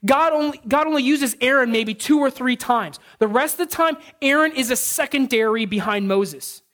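A man preaching a sermon, telling stories in an animated way and often restarting his sentences. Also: extremely high pitch, moderate pace. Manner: animated storytelling with frequent restarts. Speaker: pastor.

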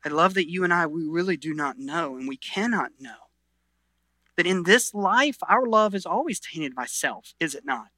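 A middle-aged man preaching a sermon as pastor, earnest, swinging between loud emphasis and quiet intensity, often restarting phrases. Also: a little high, lively intonation, moderate pace, dry recording.

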